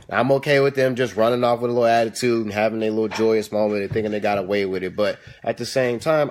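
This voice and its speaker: A young man hosting a casual live stream from home, giving parenting advice and scolding his kids now and then. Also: medium pitch. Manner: animated, stern with kids between advice. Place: home kitchen. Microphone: phone or webcam.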